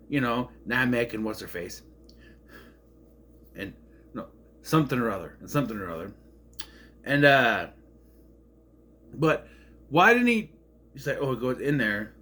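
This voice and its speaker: A man's voice: medium pitch, sing-song, a little slow, pauses often, fairly bright tone. A man casually recapping an episode, rambling and sarcastic, getting indignant over plot holes. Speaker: show reviewer.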